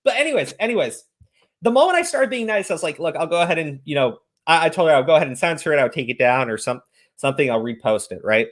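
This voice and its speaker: Man, streamer, casual commentary, profane ranting, animated pitch. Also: fast.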